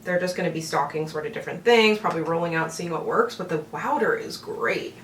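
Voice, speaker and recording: A woman's voice: fairly low pitch, a little fast, distant mic. Chatty woman doing her makeup, roomy echo. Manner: chatty, giggly, rambling with fillers. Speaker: beauty vlogger. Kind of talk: get-ready-with-me makeup chat. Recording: roomy echo, from off the mic, faint room hum.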